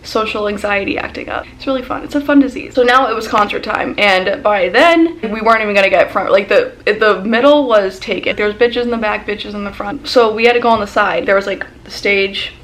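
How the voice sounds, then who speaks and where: A young woman vlogger telling a casual storytime as an excited fangirl, full of "like" and quoted dialogue. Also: mid-range voice, fairly quick, few pauses, slight background noise. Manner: excited fangirl gushing, lots of "like".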